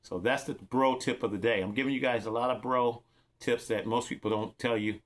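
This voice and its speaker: A middle-aged man from California talks through a cheap wireless mic kit in an easygoing show-and-tell. He rambles and repeats himself, speaking directly to his viewers. His voice sits at an ordinary male pitch. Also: fairly even intonation, brisk. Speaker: vlogger reviewing gear. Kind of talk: casual show-and-tell demo.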